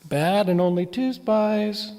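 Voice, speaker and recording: A man's voice: high voice, takes it slowly, darkish tone. A male minister preaching a sermon, telling a story in a conversational way and putting questions to the congregation. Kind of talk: sermon with map. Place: church hall. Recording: long reverb of a church hall.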